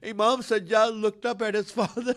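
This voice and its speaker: A man preaching a sermon and telling a sad story in an emotional, lamenting way, with long pauses, in an Islamic center hall. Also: high-pitched, fairly even intonation, a bit bright.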